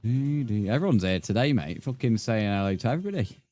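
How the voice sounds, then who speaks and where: Talking fast in a lowish, dark-toned voice, a young man streams a building game and chats expressively with his audience. He swears freely and addresses everyone as mate, while faint music sits behind him.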